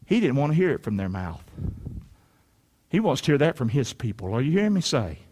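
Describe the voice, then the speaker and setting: A male pastor, preaching an animated sermon that swings from shouts to quiet asides. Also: medium pitch, a little fast, slightly rough, big-room sound.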